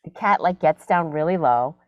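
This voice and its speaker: A middle-aged woman comedian telling a story in a casual interview from her home closet, animated and full of fillers. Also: low-pitched, normal speed, no room sound, muffled recording. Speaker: comedian guest.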